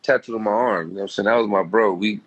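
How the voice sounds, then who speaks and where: A man speaks as a guest in a casual interview, his low voice carrying a heartfelt, rambling story full of slang. He talks loosely and personally. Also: very fast, slightly rough, muffled recording.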